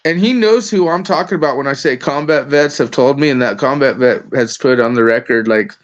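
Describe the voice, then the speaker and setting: A man joining a casual livestream chat, telling an animated, rambling story. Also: mid-range voice, a little fast, lo-fi sound.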